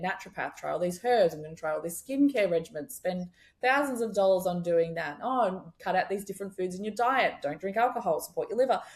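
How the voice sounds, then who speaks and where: Young woman chiropractor on a podcast, kinda low voice, candid and blunt, swears a lot. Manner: candid and expressive, swears freely. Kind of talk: casual podcast conversation.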